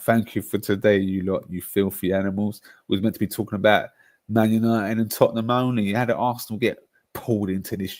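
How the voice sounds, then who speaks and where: A young man, bantering on a live football stream and reacting to chat in slangy, excitable bursts. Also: lowish voice, normal speed, no room sound.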